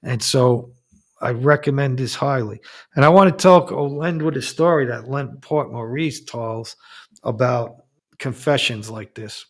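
A Catholic priest talking and telling stories in an emphatic, animated way, with frequent restarts. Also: male voice, medium pitch, unhurried. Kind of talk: preaching talk with storytelling.

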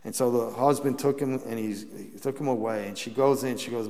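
A man's voice: mid-range voice, steady tone, brisk, hardly any pauses, a little mellow. A male priest preaches in a long-reverberating hall, his voice sitting in a middle register. He tells stories in a sermon style, rising into emphatic bursts and often restarting his phrases. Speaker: Catholic priest preaching a mission.

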